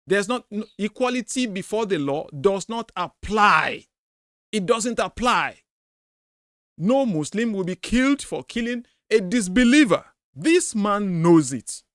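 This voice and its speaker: A man's voice: high-pitched, lively intonation, a little slow, fairly bright tone, no room sound, clean studio sound. A man hosting a commentary on a debate clip, emphatic and repeating his points to drive them home. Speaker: host of a commentary video.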